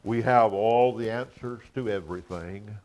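A man preaching a sermon. He chuckles between points and swells from quiet asides to loud, raised emphasis. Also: on the low side, moderate pace, slight background noise.

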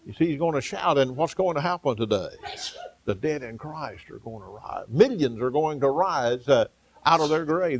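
A male pastor delivering a sermon, building to fervent exclamations and calling out amen and hallelujah, with frequent "uh" pauses. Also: on the high side, dry recording. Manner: preaching, rising to fervent exclamations with frequent "uh" fillers; calls out amen and hallelujah to the congregation.

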